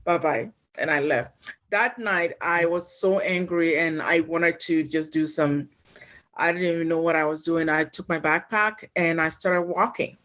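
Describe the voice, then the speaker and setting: A woman from Ghana, a guest recounting her own story in an animated, emotional way. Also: low-pitched, a little slow. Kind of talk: personal storytelling.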